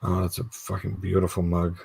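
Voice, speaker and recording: Casual livestream host, man from the United States, low husky voice, swears freely while telling stories. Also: completely flat delivery, brisk, a little mellow. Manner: storytelling, swearing, acting out quoted voices. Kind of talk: casual chat.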